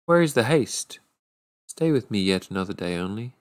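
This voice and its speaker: A man voicing a gentle, sorrowful young sea princess in a storybook reading, speaking softly and pleadingly. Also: on the low side, lively intonation, normal speed, natural voice. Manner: soft, pleading.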